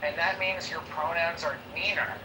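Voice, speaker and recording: A man's voice: fairly high pitch, fairly even intonation, normal speed. Distant man telling a playful story. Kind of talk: casual group chat. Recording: distant, noisy recording.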